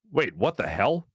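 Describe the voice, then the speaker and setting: A man's voice: medium pitch, creaky, breathy edge, no echo, studio quality. A man in his thirties with a Philadelphia accent, hosting a live sports talk show, rambling and joking as he reads chat comments. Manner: animated, rambling, jokey, lots of fillers and asides. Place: small studio. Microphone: studio mic.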